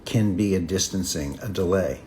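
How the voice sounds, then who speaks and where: A man teaching about healing in a reflective spiritual talk, speaking in slow, repetitive, contemplative phrases with long pauses. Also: sits low, a little mellow, slight background noise.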